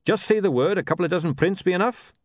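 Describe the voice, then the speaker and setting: A man's voice: high-pitched, fast, no room sound, clean studio sound, voice pushed up. A man voicing a patient, matter-of-fact male dwarf who runs a print shop. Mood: pleased.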